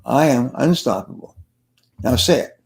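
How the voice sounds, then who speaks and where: A man's voice: mid-range voice, expressive, measured pace, creaky. An older man, a sales trainer being interviewed, telling stories and giving advice in an earnest way, repeating key phrases for emphasis. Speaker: sales trainer and guest speaker.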